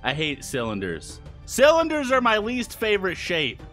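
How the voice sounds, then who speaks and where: A young adult gamer hosting a golf game session, with a wildly swinging pitch and a bright, sharp tone. Excitable and loud, breaking into groans and shouts over bad shots, with faint music behind. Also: moderate pace. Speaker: gaming channel host. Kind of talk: casual gameplay banter.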